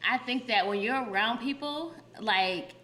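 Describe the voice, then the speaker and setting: A woman's voice: a little high, a little slow, sharp tone. A woman from Virginia co-hosting a podcast in casual, slangy chat, laughing often and talking over a computer setup. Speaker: podcast co-host. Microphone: webcam and computer setup.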